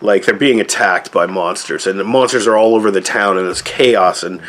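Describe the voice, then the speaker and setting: A man talks through a movie review in an easygoing, unscripted way. His voice sits a touch low. He keeps drifting into side comments and casual hedges like he's chatting with a friend. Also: moderate pace, a bit bright. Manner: loose, rambling, frequent "like" and "I don't know" asides.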